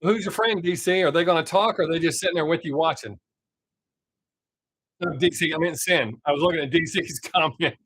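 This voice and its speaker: On his own live stream, a man talks casually with viewers, reads their comments, calls people in chat by name, and swears freely in a laid-back way. His voice is a little high, fairly bright, and slightly rough, moving fairly quickly in a dry recording.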